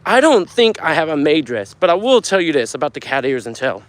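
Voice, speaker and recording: A young man with a fairly high voice talks on a casual live stream, reading out viewer comments. He swears freely and gets loud as he tells his stories. His phone camera picks him up up close. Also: brisk. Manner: animated storyteller, swears a lot, gets loud when telling a story.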